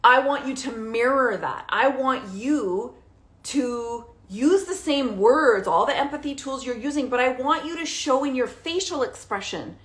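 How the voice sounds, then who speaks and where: A woman coaching parents directly, animated and emphatic, often checking in with a quick "okay?". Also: high voice. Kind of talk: direct-to-camera coaching talk.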